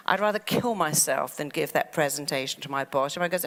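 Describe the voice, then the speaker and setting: Lively woman speaker with hall reverb. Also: low-pitched, fairly quick, few pauses. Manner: animated, acts out the mind's voice. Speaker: therapist and speaker. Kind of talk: motivational talk.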